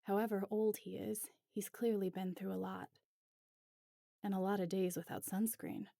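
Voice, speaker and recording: A woman reading a story aloud as narrator in a measured, reflective way. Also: mid-range voice, little pitch movement, creaky, mellow, no room sound, clean studio sound. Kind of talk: reading fan fiction aloud.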